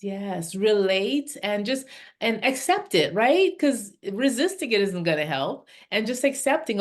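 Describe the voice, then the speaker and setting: A woman's voice: mid-range voice, very animated, measured pace. An older woman, a parenting coach hosting a podcast, recounting work experiences in an affirming, conversational way.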